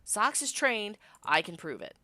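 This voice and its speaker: A woman's voice: mid-range voice, big pitch swings, measured pace, sharp tone, dry recording, pitched above the performer's own voice. A woman voicing a bold young colonist giving firm commands. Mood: urgent.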